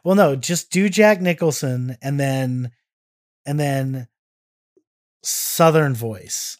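A man co-hosting a casual podcast, excitable and self-mocking, often tripping over his words. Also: mid-range voice, takes it slowly. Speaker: podcast co-host.

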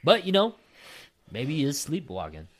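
A man's voice: fairly high pitch, wildly swooping pitch, normal speed. A man chatting casually on a podcast, laughing often and swearing freely, and reading out a spooky listener story. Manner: laughs often, swears, says "dude" a lot.

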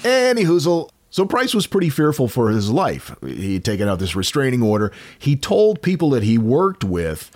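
A man's voice: mid-range voice, wildly swooping pitch, moderate pace, hardly any pauses, a little mellow. An American man hosting a podcast, casually telling a true crime story with wry, offhand jokes.

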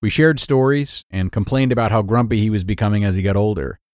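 A man hosting a podcast who reads a blog post aloud in an earnest, measured way, then comments on it. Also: fairly low pitch, darkish tone, no echo, clean studio sound. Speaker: podcast host.

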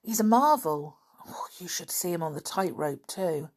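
A cheerful young circus lad played by a woman reader chatters in an animated, friendly way. His voice sits a touch higher than the reader's usual low tone. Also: moderate pace. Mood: admiring. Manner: chatty, warm-hearted.

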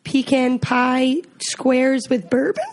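High-voiced woman guest on a podcast, giggly, says like a lot. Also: level tone, takes it slowly. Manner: giggly, lots of "like" fillers. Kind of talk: casual chat.

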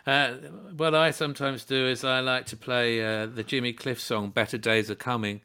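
Bright, smooth-voiced male host. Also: medium pitch, steady tone, moderate pace. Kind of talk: interview.

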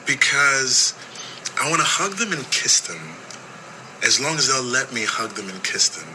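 A man's voice: mid-range voice, lively intonation, moderate pace, pushed and bright, a little hiss or hum, low-quality recording. A man in an interview clip, telling a story earnestly and with energy.

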